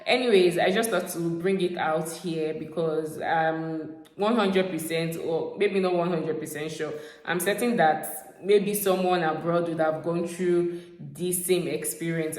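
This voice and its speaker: A young woman from Nigeria tells a story to her vlog audience in a loose, chatty way, with lots of fillers. Her voice sits fairly low. The room around her is echoey. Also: measured pace. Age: young adult. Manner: chatty, animated, repeats fillers like "like" and "guys". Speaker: vlogger.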